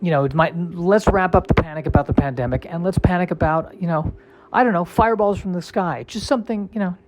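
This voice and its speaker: A man's voice: high-pitched, a little fast, slight background noise. A male comedian in a casual solo monologue, rambling and self-deprecating with a wry tone.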